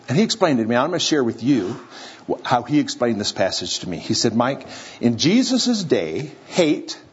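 A man preaches a sermon to a live congregation in a church or hall, telling a story with playful, acted-out voices. His voice is husky and medium-pitched. The recording is slightly dull, with faint room noise.

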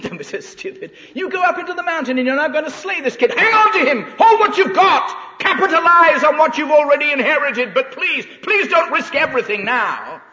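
A preacher putting on a scoffing inner tempter. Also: male voice, very high voice, big pitch swings, fairly quick, hardly any pauses, bright, forceful tone, voice pushed up, exaggerated voice. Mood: mocking. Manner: scoffing, urgent. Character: mocking tempter voice, scornful and pushy. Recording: echoey hall, dull lo-fi sound.

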